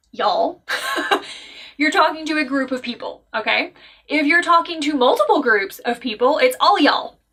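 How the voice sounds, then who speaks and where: With a high voice and a Southern US accent, a woman from the American South casually reviews a book, chatty and animated, laughing often and making asides.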